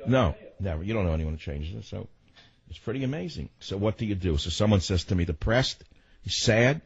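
Ranting talk radio host, husky voice. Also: male voice, lowish voice, animated, fairly quick, no echo, dull audio. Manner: combative, ranting, fires rhetorical questions. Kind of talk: political radio monologue. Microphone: studio microphone.

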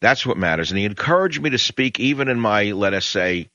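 A man's voice: lowish voice, animated, fairly quick, bright, forceful tone, no room sound. An older man with a New York accent, hosting a talk radio show in a rambling, emphatic monologue full of hesitations. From Queens, New York. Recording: dull lo-fi broadcast audio.

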